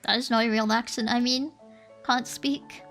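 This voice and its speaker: A woman's voice: fairly high pitch, fairly even intonation, moderate pace, fairly bright tone, faint music behind. A woman streamer in casual stream chat, rambling and giggly as she thinks aloud.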